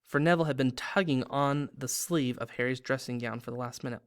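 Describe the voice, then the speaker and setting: Guy reading a book aloud, mid-pitched, dramatic pacing, animated. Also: brisk, few pauses, clean tone. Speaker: read-aloud host.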